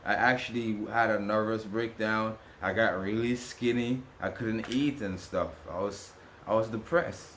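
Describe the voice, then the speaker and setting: A man's voice: lowish voice, fairly even intonation, unhurried, a bit bright, a little hiss or hum. A man vlogging to camera in a rambling, repetitive, aggrieved rant with many restarts. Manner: ranting, aggrieved. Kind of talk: casual monologue to camera.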